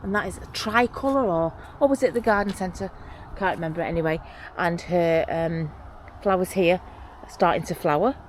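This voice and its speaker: A woman vlogs casually from her allotment, rambling and getting excited over her plants. Her voice sits a little low for a woman. A clip-on mic picks her up outdoors over a faint background hiss. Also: normal speed. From England. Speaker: allotment vlogger. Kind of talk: casual chat to camera.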